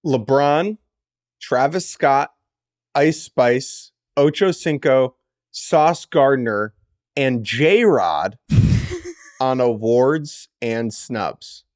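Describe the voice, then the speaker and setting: A man's voice: medium pitch, lively intonation, extremely slow, no room sound, clean studio sound. A man co-hosting a sports podcast, wry and playful in casual chat, reading listener comments aloud. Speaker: podcast co-host.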